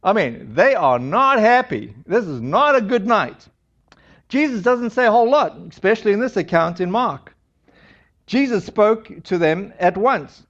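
High-voiced pastor, chatty sermon. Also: male voice, lively intonation, measured pace, a bit bright, dull audio. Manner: casual and chatty, retelling a scripture passage with asides. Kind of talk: conversational sermon.

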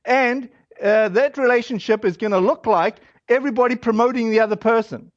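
A man with a fairly high voice preaches in a loose, chatty way, often slipping in fillers and quick asides. The sound is very dry with no room around it, and the recording is a little dull and lo-fi. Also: no echo. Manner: casual and animated, acts out quoted voices, many fillers. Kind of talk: conversational sermon.

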